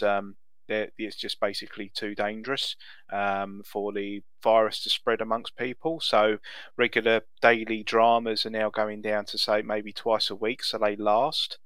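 A man's voice: lowish voice, a bit bright, no room sound. Rambling podcast co-host, man. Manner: rambling, with many ums and uhs. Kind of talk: casual podcast chat.

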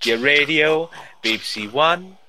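A man's voice: fairly high pitch, expressive, a little slow, crowd noise. A man putting on a joking mock-accent listings reader. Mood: sing-song. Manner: playful sing-song listing of page numbers.

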